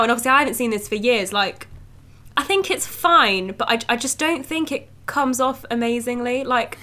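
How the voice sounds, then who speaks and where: A woman's voice: on the high side, pushed and bright. A young woman talking frankly and casually as a film podcast co-host, with plenty of "like" fillers. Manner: chatty, frank, lots of "like" fillers. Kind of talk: casual chat.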